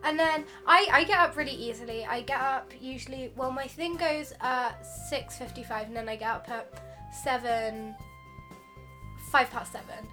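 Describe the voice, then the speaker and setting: A woman's voice: sits high, normal speed, music in the background. A teenage girl, co-hosting a casual chat podcast and rambling in a chatty, giggly way. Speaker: co-host.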